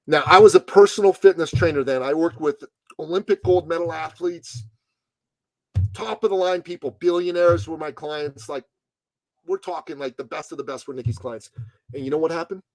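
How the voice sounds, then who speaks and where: A man telling a story as a podcast guest and business coach, talking in a forceful, emphatic, preachy way. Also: on the high side, moderate pace, no echo, low-quality recording.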